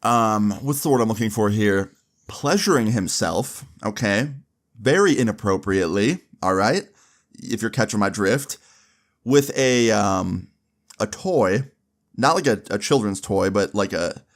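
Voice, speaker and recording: A man's voice: on the low side, animated, a little slow. A young man casually telling a long story, rambling with many asides and swearing freely.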